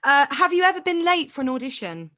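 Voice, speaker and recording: A woman's voice: high-pitched, big pitch swings, fast, sharp tone. A young woman in her twenties hosting a casual podcast interview, chatty and self-mocking, laughing often. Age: 20s. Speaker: podcast host.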